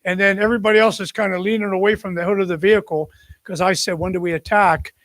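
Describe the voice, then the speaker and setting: An older man, a retired general, telling an animated war story to a company audience, acting out the quotes and often restarting his sentences. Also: high-pitched, rapid-fire, no room sound. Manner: animated anecdote with acted quotes, many restarts.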